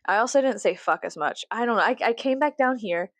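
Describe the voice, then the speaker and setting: A woman's voice: fairly high pitch, lively intonation, fairly quick, no room sound. A woman with a Southern US accent, rambling casually to her viewers in a profane, self-mocking way and laughing often. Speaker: YouTuber.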